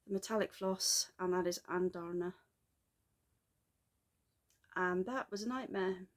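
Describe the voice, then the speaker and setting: A woman chatting casually in a craft vlog, rambling and self-deprecating with quick asides. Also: mid-range voice. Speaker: flosstube vlogger. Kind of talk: casual chat.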